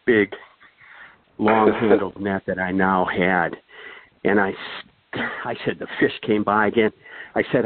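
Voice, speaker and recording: A low-pitched man settles into a rambling, chuckling story as a podcast guest, full of asides and fillers. His voice comes through a thin, phone-like line with no room sound at all. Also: no echo. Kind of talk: casual anecdotal storytelling.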